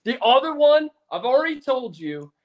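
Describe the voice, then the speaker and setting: High-voiced excitable man talking football. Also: normal speed. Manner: animated, excitable fan storytelling. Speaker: podcast co-host. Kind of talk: casual sports chat.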